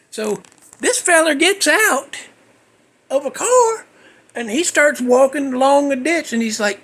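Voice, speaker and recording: A man telling a funny personal story in a folksy, animated way, acting out the people in it. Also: very high voice, moderate pace, slightly rough. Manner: animated, folksy, acts out quotes. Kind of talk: casual comic storytelling.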